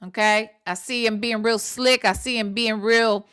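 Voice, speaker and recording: A woman with a high, bright, sharp voice hosts a reaction commentary on a video clip. She talks bluntly and with exasperation, swears freely, and repeats phrases for emphasis. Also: fairly even intonation, normal speed, clear, resonant tone. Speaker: gossip commentary host.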